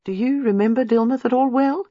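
A man reading a novel aloud, voicing a lively, inquisitive young woman in a raised tone. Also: high-pitched, unhurried, breathy edge, dry recording, pitched above the performer's own voice, heavily acted. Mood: eager. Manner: bright, eager, rising tone. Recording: slightly muffled, dry.

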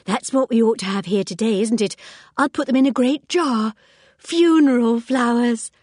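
A woman reading the part of a flighty, unbalanced youngest sister who talks in a high, breezy way. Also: normal speed, darkish tone, no room sound, clean studio sound, lightly acted. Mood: giddy. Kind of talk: audiobook character reading.

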